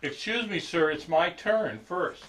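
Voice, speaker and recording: A polite, earnest six-year-old boy speaking up respectfully, as a man puts him on. His voice is lifted a little higher than the man's own talk. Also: animated, measured pace, fairly bright tone, poor audio.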